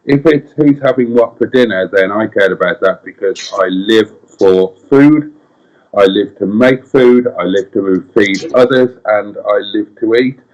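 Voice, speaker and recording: A man's voice: fairly low pitch, a little slow, darkish tone. A middle-aged man with a Welsh accent, co-hosting a casual live-stream chat in a wry, playful way and reading out viewer comments. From Wales. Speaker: co-host. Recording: dull lo-fi sound.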